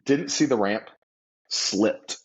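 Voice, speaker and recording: Animated male storyteller, lo-fi. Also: lowish voice, slow pace. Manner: animated, vivid storyteller acting out quotes. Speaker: guest entrepreneur. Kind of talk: storytelling in an interview. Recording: slightly dull lo-fi audio.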